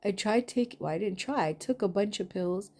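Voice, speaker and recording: Speaking at a normal speed with a medium pitch and a darkish tone, a woman delivers an emotional vlog confession. She's angry, and her words come out raw, furious and laced with curses.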